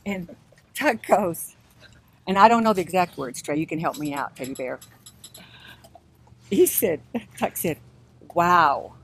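A woman's voice: lowish voice, a little slow, pauses often, slightly rough. Older woman, chatty memorial speaker. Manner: warm, chatty, laughs through stories. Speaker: family member giving a eulogy. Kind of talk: memorial speech. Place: church.

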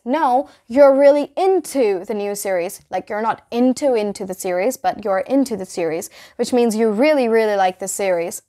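A young woman giving a casual English vocabulary lesson to camera, chatty, repeating key phrases slowly for emphasis. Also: a little high, warm tone. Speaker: English teacher.

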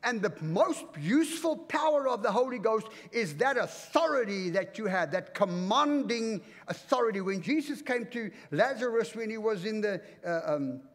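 A man from Africa preaching a fervent, commanding sermon in a church, swinging between loud and hushed. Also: high voice, expressive, moderate pace, few pauses. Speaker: pastor. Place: church auditorium. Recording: reverberant church hall.

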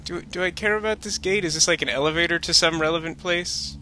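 A man's voice: on the high side, quick pace, pushed and bright, a little hiss or hum. A man giving rambling, jokey commentary while playing a video game, full of sarcastic asides. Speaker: let's-play commentator. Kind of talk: casual gameplay commentary.

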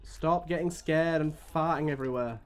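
A man's voice: a little high, normal speed. A young man streaming a game live, grumbling and swearing at it as he plays. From United Kingdom. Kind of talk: live gameplay commentary.

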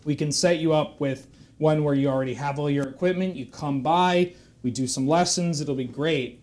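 A man voicing an upselling male guitar teacher on the phone, with a rapid, salesy patter. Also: a little high, darkish tone, lightly acted.

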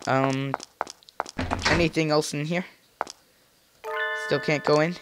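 A man's slow, fairly even voice, on the high side, comes through over game music as he plays a video game. He's a let's play gamer, rambling and joking to himself in a playful way with jokey asides.

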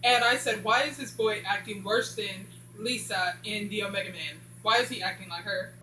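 Recorded in an echoey room with a faint hum and some music faintly behind her, a show reviewer recaps a TV series. Her mid-range voice is pushed and bright at a normal speed, and she rambles loosely, repeatedly dropping in "blah blah" to cover gaps.

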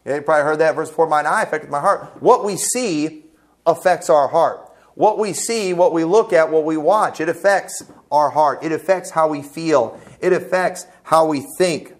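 A man's voice: fairly high pitch, moderate pace. A man preaching a fervent, blunt sermon as pastor, quoting scripture with asides to the congregation. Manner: quotes scripture. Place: church sanctuary.

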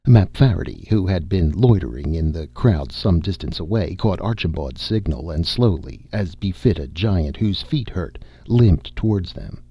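A man narrating a science fiction audiobook in a steady, measured reading. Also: deep voice, breathy edge, no echo, muffled recording.

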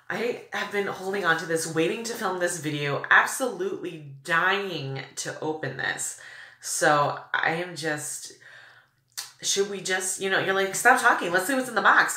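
Young woman, beauty vlogger, excited valley-girl chatter, lowish voice, faint hiss behind. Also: echoey room. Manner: gushing, breathless exclamations, valley-girl fillers. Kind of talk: excited unboxing chat.

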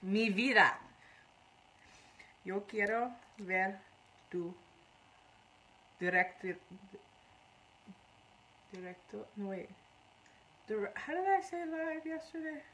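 A woman's voice: medium pitch, animated, slow pace, pauses often, bright, forceful tone, slight background noise, rough recording. Chatty woman mixing in learner's Spanish. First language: English. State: runny nose. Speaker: makeup artist streaming live. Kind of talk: casual live-stream makeup tutorial.

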